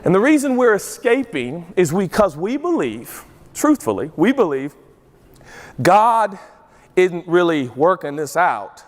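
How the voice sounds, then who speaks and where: Animated high-voiced male pastor preaching. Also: unhurried. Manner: animated, acts out voices for comedic emphasis. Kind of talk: sermon. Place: large church auditorium with a congregation. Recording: long reverb of a large church hall.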